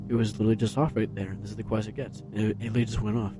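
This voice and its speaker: Talking quickly in a dark tone, a man vlogs at home in a carpeted room while soft music plays. He's low-key and rambling, full of fillers and restarts, speaking close into a tabletop USB mic with headphones on.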